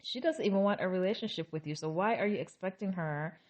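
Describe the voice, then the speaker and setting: Woman host, casual TV recap, lower-pitched, opinionated and exasperated. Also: fast talker, darkish tone.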